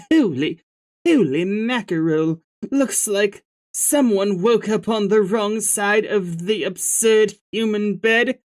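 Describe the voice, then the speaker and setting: A chatty, bubbly alien girl with a put-on British lilt, as a man voices her. She talks in a slow, breezy way, slightly posh and unhurried. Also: sits high, voice pushed up. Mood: teasing.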